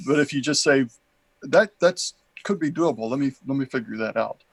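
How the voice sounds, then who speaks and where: Gravelly man in a dry room. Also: medium pitch, normal speed, no room sound.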